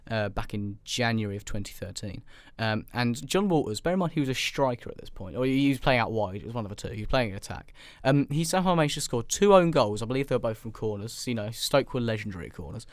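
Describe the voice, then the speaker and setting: A man's voice: medium pitch, animated, brisk, hardly any pauses, no room sound, clean studio sound. A man co-hosting a podcast, chatting about football in a joking, rambling way with lots of fillers. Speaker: podcast co-host. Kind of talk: casual football chat.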